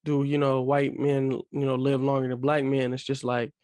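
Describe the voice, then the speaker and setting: A man's voice: mid-range voice, completely flat delivery, normal speed, a little mellow, no echo. A man co-hosting a podcast in casual chat, talking earnestly and repeating key phrases for emphasis. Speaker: podcast co-host.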